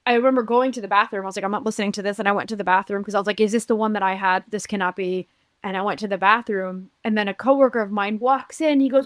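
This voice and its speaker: Earnest halting woman from Uruguay. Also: fairly high pitch, no room sound. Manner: earnest, halting, many restarts. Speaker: podcast guest. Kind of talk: personal storytelling in conversation.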